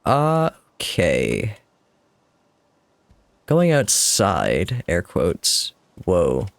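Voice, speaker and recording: Lively, gravelly-voiced male streamer. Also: fairly low pitch, a little slow, dry recording. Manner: chatty, wry, self-deprecating, swears casually. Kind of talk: casual live-stream gameplay commentary.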